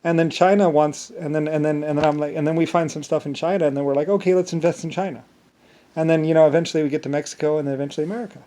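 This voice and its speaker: A man's voice: fairly high pitch, steady tone, rapid-fire, few pauses, warm tone. A man talking alone in a meandering monologue, full of restarts and filler words. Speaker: solo vlogger. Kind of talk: rambling monologue.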